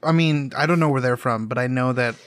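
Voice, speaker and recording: A man's voice: mid-range voice, a little fast, fairly bright tone, slight background noise. A man co-hosting a comedy podcast in casual banter, swearing often and slipping into laughing impressions. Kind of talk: casual banter with put-on accents.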